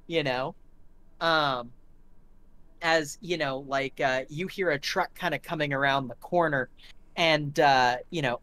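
A man's voice: a little high, a bit bright. A man narrating as game master, setting gory scenes vividly with many fillers.

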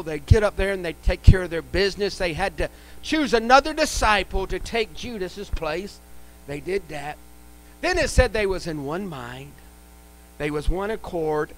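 High-voiced emphatic preacher man. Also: rough recording. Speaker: pastor. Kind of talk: live church sermon. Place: church sanctuary.

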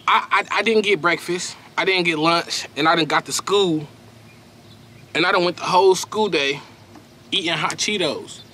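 A man's voice: high-pitched, pushed and bright, slight background noise. A young man doing a casual snack unboxing review, slangy and emphatic, often repeating himself.

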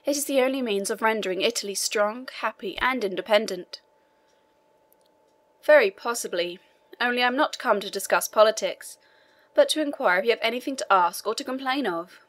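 A woman's voice: a little high, a little fast, lightly acted. A woman voicing a formal, businesslike male prison inspector in an audiobook. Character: stern official male prison inspector, brisk.

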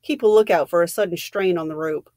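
A woman's voice: fairly low pitch, a little fast, mellow, no room sound, natural voice. A woman voicing a seasoned adventurer who speaks coolly and cynically. His delivery is matter-of-fact. The sound is dry and close.

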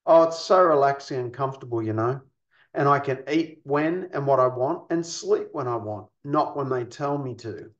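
A man's voice: mid-range voice, moderate pace, close to an everyday voice. A man reading the lines of a frustrated female hospital patient who wants to go home, in a plain, lightly acted way. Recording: echoey, dull lo-fi.

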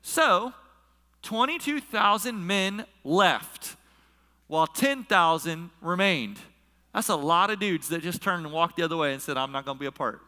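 A high-voiced male pastor preaches and tells a personal story, slipping into the voices of the people in it. His tone is sharp and bright, and it carries through the long reverb of a large church hall. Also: normal speed. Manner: storytelling, acts out quoted voices. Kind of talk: sermon.

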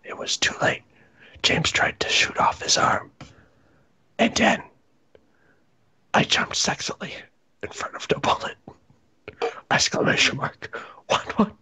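A man doing a comedic, mock-dramatic reading of fan fiction, reading the punctuation aloud in a breathy half-whisper. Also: slow, pauses often, pushed and bright. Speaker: reader.

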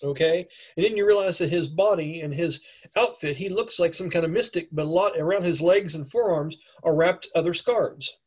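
A man's voice: a little high, darkish tone, husky, muffled recording. Man running a casual tabletop game. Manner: casual, halting, with fillers. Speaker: game master.

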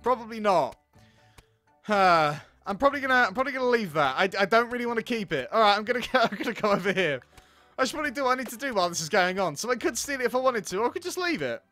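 Bright-voiced young man rambling over gameplay. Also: sits high, sing-song, fast, no room sound, soft background music. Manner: rambling, hesitant, self-talking. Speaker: gaming YouTuber. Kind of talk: let's play commentary.

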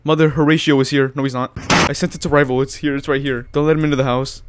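A man's voice: mid-range voice, level tone, quick pace, noisy background, lightly acted. A man reading as a frightened haunted boy. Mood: ominous.

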